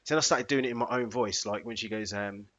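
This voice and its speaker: A man co-hosting a podcast, chatting casually in animated, slangy banter. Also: lowish voice, quick pace, muffled recording. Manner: animated, slangy banter with bursts of playful singing. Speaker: podcast co-host. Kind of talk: casual chat.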